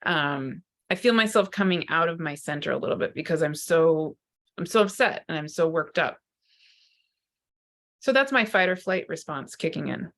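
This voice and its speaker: Her voice is deep and animated, moving at a moderate pace with a fairly bright tone. She is a psychotherapist and spiritual teacher giving an unscripted spiritual talk to camera, searching earnestly for words and frequently starting sentences over.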